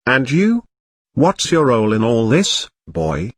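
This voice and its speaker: A man's voice: medium pitch, huge pitch swings, slow pace, no room sound, clean studio sound, full character voice. A man reading a storybook parody, voicing a blustering, bossy middle-aged uncle. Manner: gruff, bossy and spiteful.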